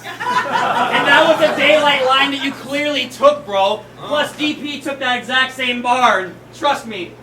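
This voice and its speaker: Mocking battle rapper from Canada, man, high voice, echoey hall, noisy crowd. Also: animated, measured pace. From Chilliwack, Canada. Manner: brash, mocking, shouted bars. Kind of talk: rap battle verse. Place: live battle venue in front of a crowd. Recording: roomy venue, distant mic, crowd and noise.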